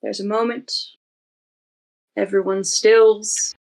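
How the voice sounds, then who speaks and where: Woman game master, unhurried vivid narration, medium pitch. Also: little pitch movement, a little mellow, rough recording.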